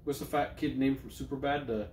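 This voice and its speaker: A man's voice: medium pitch, fairly even intonation, fairly quick, darkish tone, echoey room, slight background noise. A man co-hosting a casual podcast chat. He jokes a lot, swears freely and often restarts his sentences. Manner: loose, profane, jokey, with many restarts. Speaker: podcast co-host.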